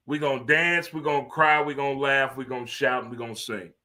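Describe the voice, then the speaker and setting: A man, hosting a casual talk show in an animated, swearing, preacher-like monologue. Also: medium pitch, brisk, few pauses. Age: 50s. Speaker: host. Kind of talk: casual radio-style monologue.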